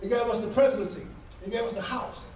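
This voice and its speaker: A man's voice: high-pitched, steady tone, quick pace, darkish tone, slight background noise. A man giving a fiery political speech at a dinner, with an emphatic, preacher-like cadence and strings of repeated rhetorical questions. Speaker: guest speaker at a political dinner. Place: banquet hall. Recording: echoey hall from far off.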